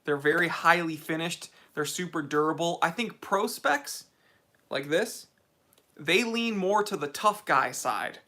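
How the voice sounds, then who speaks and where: A man's voice: fairly high pitch, a little slow, pushed and bright. A man with an American accent hosting a casual livestream Q&A, chatty and opinionated, with many fillers. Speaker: watch channel host.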